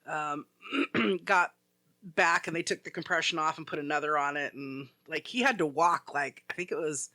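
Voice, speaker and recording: Casual podcast co-host, male, high and bright, rambling storyteller. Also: moderate pace, no echo. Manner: rambling storyteller, heavy use of "like". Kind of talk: casual chat.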